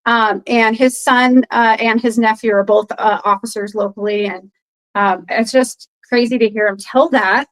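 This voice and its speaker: Higher-pitched woman telling a rambling story. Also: normal speed, poor audio. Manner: animated retelling, acts out others' quoted lines; rambling with frequent fillers. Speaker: podcast guest. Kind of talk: casual storytelling.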